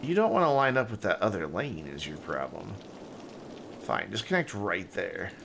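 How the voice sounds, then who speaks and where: With background noise behind him, a man whose voice sits low and sing-song, with vocal fry, speaks at normal speed. He's casually commentating a city-building game live, musing aloud in rambling, trailing sentences.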